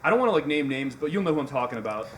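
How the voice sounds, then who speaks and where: A man's voice: medium pitch, expressive, slight background noise. A young man with a Midwestern accent ranting on a casual podcast, swearing and laughing as he makes his point. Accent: Midwestern American. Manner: fast, swearing, laughing, emphatic. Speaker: podcast host.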